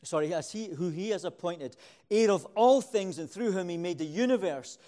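A man preaching a sermon, starting quiet and building to loud, repeating phrases for emphasis. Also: high voice, lively intonation, moderate pace.

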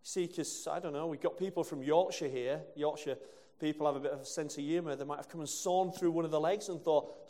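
A man's voice: fairly high pitch, moderate pace, few pauses, dark tone. A male preacher from England giving a conversational sermon with rhetorical questions and asides. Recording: long hall reverb.

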